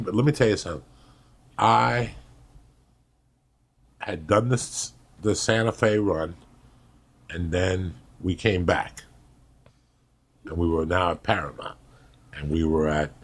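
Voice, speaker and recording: A man's voice: sits low, measured pace, long pauses. A man, a comedian and actor, telling blunt, profane stories in a casual chat. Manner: blunt, swears freely.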